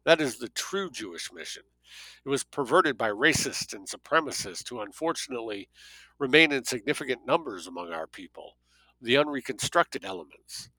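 A man voicing a calm, persuasive male agent who speaks in a measured, lecturing monologue. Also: mid-range voice, no echo, low-quality recording.

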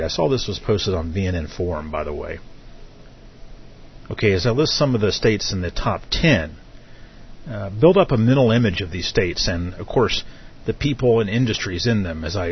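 A middle-aged man hosting a live internet radio talk show, speaking in a halting way full of filler hesitations. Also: deep voice. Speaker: host. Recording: dull lo-fi audio with faint noise.

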